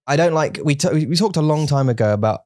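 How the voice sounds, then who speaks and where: A man's voice: on the high side, expressive, quick pace, warm tone, no echo. Guy rambling on his podcast, lots of restarts, mixes in mandarin bits, dry close mic. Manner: joking, self-deprecating. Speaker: podcast co-host. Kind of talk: casual chat.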